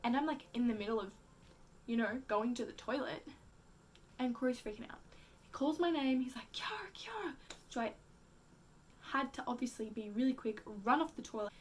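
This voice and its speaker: A young woman vlogging tells a chatty, casual story packed with "like" fillers, acted-out quotes and some casual swearing. Her voice is a little high and runs at normal speed, broken by long pauses, with a slight hiss or hum on the recording.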